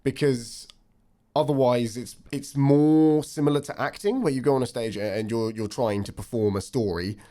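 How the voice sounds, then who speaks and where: A young man in his twenties co-hosting a chat podcast, talking politely and thoughtfully with many pauses and fillers. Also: medium pitch, mellow. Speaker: podcast co-host, stand-up comedian. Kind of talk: casual chat.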